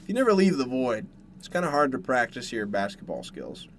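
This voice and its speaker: Young canadian guy streaming from his dark bedroom, rambling to chat while eating, faint noise behind. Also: mid-range voice, wildly swooping pitch, brisk. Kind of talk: casual chat with viewers.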